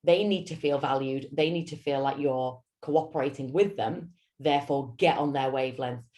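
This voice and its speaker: A woman with a Yorkshire accent coaching a team on public speaking. Her voice sits low, but she delivers it in a theatrical, up-and-down way that keeps the training talk animated. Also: normal speed. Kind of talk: lunch-and-learn training talk.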